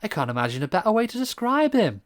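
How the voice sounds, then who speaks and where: A man's voice: high voice, big pitch swings, fast, pitched above the performer's own voice. A man voicing a teasing, affectionate wife in a video game, raising his voice.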